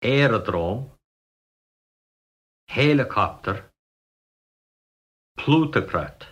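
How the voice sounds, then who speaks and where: A man reading single example words slowly and deliberately for a pronunciation lesson. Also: mid-range voice, animated, a bit bright, lo-fi sound. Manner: slow, deliberate word-by-word reading. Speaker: pronunciation model speaker.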